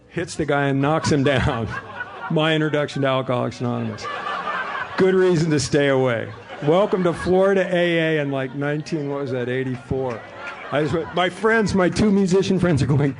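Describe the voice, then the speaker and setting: A middle-aged man with a gravelly, creaky edge to his voice tells his recovery story to a room of listeners. He talks in a lively, storytelling way and acts out the voices of the people he quotes. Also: a little high, a little fast. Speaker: AA speaker. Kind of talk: recovery meeting talk, storytelling. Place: hotel meeting room before an audience.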